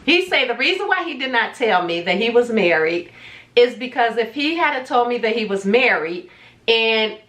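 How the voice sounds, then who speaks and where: Speaking at a normal pace in an echoey room, this woman has an expressive, fairly bright voice on the high side. She's a vlogger recounting her own story to viewers in a casual, chatty, dramatic way, voicing the people involved.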